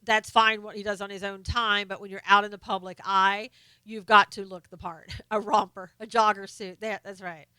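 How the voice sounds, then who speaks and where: A woman hosting a casual live stream, reading viewer comments aloud in a chatty, halting way full of fillers and restarts; she is losing her voice. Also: mid-range voice, level tone, sharp tone, clear, resonant tone, no room sound.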